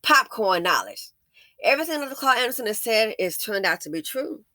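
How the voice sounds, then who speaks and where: A woman's voice: a little high, big pitch swings, a little fast, pushed and bright, no echo, studio quality. A woman hosting a commentary video, ranting in an angry, profane, scolding way. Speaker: commentary channel host. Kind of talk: blunt commentary rant.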